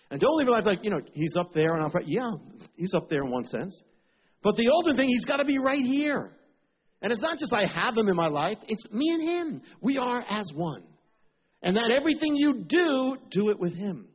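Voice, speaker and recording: A man's voice: sits high, slightly rough, lo-fi sound. A man preaching a sermon with fervent, repetitive cadences, at times praying aloud in the first person.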